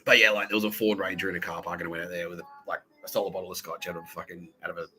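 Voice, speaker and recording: A man's voice: low-pitched, little pitch movement, very fast, sharp tone, faint music behind, low-quality recording. A young Australian man hosting a podcast, rambling through a profane monologue, laughing often and doing voices for the people he quotes. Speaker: podcast host.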